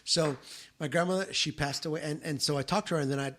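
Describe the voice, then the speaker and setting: A middle-aged man with a fairly high voice tells a personal story on a casual podcast. He slips into the voices of his relatives as he goes. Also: fast, a bit bright, a little hiss or hum. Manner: storytelling, acts out quoted relatives. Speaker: podcast co-host. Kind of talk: casual chat.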